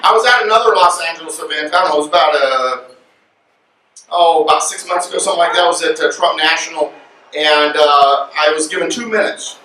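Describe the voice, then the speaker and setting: Male guest speaker, high bright voice, animated lecture, distant echoey room sound, faint noise. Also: brisk. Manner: animated, joking and conversational. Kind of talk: lecture to an audience. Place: luncheon event room.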